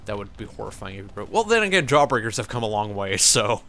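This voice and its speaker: A man's voice: lowish voice, sing-song, fast talker, pushed and bright. A young man giving casual, rambling let's-play commentary, joking and laughing as he plays. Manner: rambling, jokey, laughs often.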